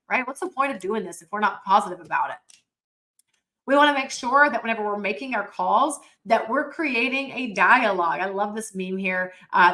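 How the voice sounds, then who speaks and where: Brief: upbeat woman sales trainer, emphatic coaching delivery, crisp bright tone, webinar mic. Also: mid-range voice, rough recording. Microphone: computer mic on a webinar.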